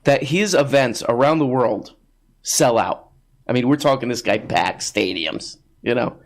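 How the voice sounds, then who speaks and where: A man's voice: medium pitch, unhurried. A man hosting a show, riffing in sarcastic, casual comedic commentary. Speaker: podcast host.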